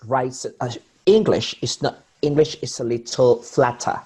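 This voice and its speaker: A man's voice: mid-range voice, a little slow, a little mellow, slightly rough. A man teaching an English pronunciation lesson. He repeats example words over and over and often restarts his phrases while he explains.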